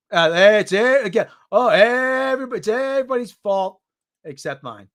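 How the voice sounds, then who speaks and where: A man's voice: sits high, expressive, moderate pace, a bit bright. A man hosting a casual podcast, reading out a news article with sarcastic, exasperated asides. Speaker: podcast host.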